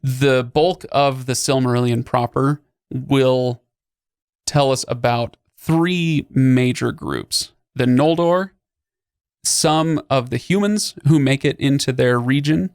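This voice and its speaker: A man's voice: mid-range voice, takes it slowly, darkish tone, clean tone, dry recording, clean studio sound. A man hosting a podcast, explaining at length in a casual way with lots of fillers and restarts. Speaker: podcast host.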